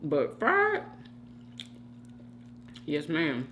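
A middle-aged woman gossips in an easy, chatty way while she eats, talking right to her viewers as y'all and girl. Her voice is bright and forward, and her pitch jumps around a lot. A faint hum sits behind her. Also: huge pitch swings, very slow. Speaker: mukbang vlogger. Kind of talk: casual gossip chat while eating.

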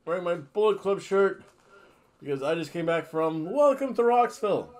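A man's voice: high-pitched, lively intonation, moderate pace, darkish tone. A man hosting a casual wrestling vlog, rambling through predictions with jokey asides and playful self-hype. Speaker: wrestling vlogger.

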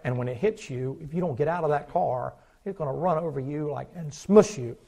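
Man, pastor, slightly high voice, dramatic sermon that jumps from yelling to low sarcasm. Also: a little fast, creaky. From United States. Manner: dramatic, swings from shouting to mocking mutters. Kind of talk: fiery sermon. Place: church sanctuary.

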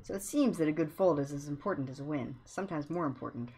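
A woman's voice: sits low, animated, fast, dark tone, soft background music. A woman streamer giving casual, wry commentary while reading a game aloud.

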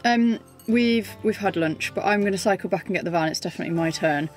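A woman's voice: medium pitch, quick pace, faint music behind. A young woman casually narrating her narrowboat travel vlog, breezy and chatty, laughing often. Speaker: vlogger. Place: narrowboat and canal towpath.

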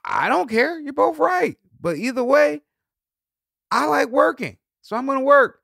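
A man hosting a podcast in a laid-back, rambling solo talk, swearing freely and breaking into high laughs. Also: expressive, unhurried, creaky, a bit bright, dry recording, studio quality. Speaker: podcast host. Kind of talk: casual solo monologue.

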